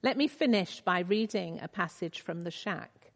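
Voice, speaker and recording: A woman giving a devotional talk, reading a passage aloud in an earnest, measured way. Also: fairly low pitch, expressive, gravelly. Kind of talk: sermon with read-aloud book passage. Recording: reverberant hall.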